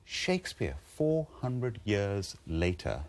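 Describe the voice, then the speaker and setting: A man's voice: on the low side, sing-song, slow pace, darkish tone. A man on a debate panel making points in an emphatic, lecturing manner.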